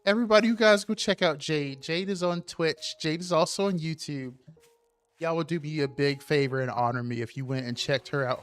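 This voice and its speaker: A man with a fairly high voice chats loosely on a game live stream, peppering his talk with profanity. In tense moments he breaks into panicked shouting. Soft music plays faintly behind him. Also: fairly quick. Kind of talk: casual gaming live stream chat.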